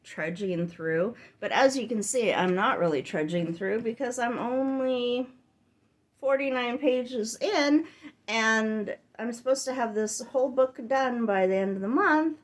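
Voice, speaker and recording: Chatty woman book vlogger, rambles through tangents, mid-pitched everyday voice. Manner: rambling with tangents and many filler "like"s; chatty and exasperated when complaining. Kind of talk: casual reading update vlog.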